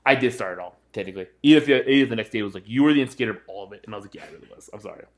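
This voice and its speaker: A man's voice: fairly low pitch, racing. A young man co-hosting a podcast, telling a story in casual chat and acting out his friends' voices. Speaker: podcast co-host.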